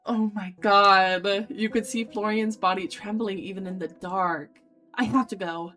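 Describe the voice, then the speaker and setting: A woman's voice: mid-range voice, a little slow, faint music behind. Woman streamer reading a dating game. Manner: dramatic read-aloud with loud excited asides. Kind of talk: reading a dating sim aloud with reactions.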